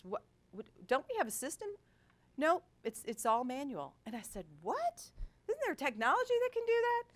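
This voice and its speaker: A middle-aged woman, a hospital executive, giving a talk and telling workplace stories with humor, acting out the voices she quotes. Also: medium pitch. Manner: animated, acts out quoted voices, self-deprecating humor. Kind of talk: storytelling business talk. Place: lecture event.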